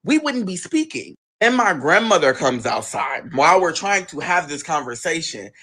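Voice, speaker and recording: A man telling a personal story in an expressive, profane, dramatic way. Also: breathy edge. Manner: expressive, profane, dramatic, quick swings of pitch. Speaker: storyteller, show guest.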